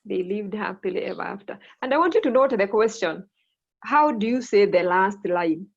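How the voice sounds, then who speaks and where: A woman's voice: medium pitch, animated, moderate pace, creaky. A woman teacher leading an online English lesson, prompting students and repeating their answers back. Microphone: video call. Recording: muffled video call audio.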